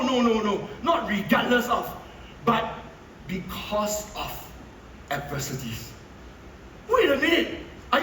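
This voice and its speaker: A man giving an animated motivational talk to a live audience, tossing rhetorical questions at them. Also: high-pitched, slight background noise. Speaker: motivational speaker. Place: hall with an audience. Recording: echoey hall from far off.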